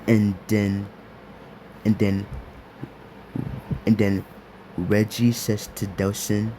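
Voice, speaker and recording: Slow, halting male storyteller. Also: fairly low pitch, little pitch movement, dark tone, slight background noise. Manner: halting, full of repeats and restarts. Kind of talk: improvised fan story narration.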